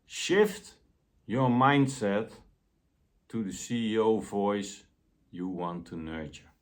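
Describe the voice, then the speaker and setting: A man giving a motivational self-help talk in a gentle, deliberate way. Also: lowish voice.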